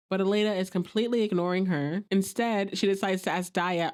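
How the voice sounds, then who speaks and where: A woman's voice: medium pitch, moderate pace, darkish tone. Chatty woman recapping a show. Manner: chatty, reacts with sympathy and disbelief, briefly acts out quoted lines. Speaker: podcast host recapping a TV episode. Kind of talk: casual recap narration.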